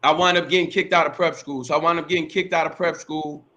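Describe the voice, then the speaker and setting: A man's voice: fairly high pitch, fairly even intonation, fast talker, sharp tone, dull audio. A middle-aged man, a podcast host, telling his life story in a casual interview, rambling, repeating himself and using slang and profanity.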